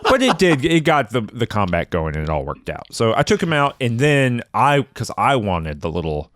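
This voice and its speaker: A man's voice: mid-range voice, moderate pace, dry recording. A man co-hosting a gaming podcast, recorded dry and close with almost no room sound. His voice rises and falls freely as he tells his playthrough in a playful, jokey way. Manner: playful, animated storytelling. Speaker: podcast co-host. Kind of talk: casual gaming chat.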